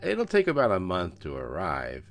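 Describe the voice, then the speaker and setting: A man's voice: deep voice, huge pitch swings, normal speed, a bit bright, soft background music. A man narrating a scale model build in a voice-over, with joking, self-mocking banter.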